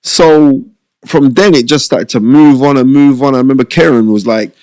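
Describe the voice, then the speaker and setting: A middle-aged man, telling stories as an interview guest in an animated, emphatic way and repeating phrases for stress. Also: mid-range voice, normal speed, no room sound, studio quality. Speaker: guest, boxing pundit and former TV host. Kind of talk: casual interview storytelling.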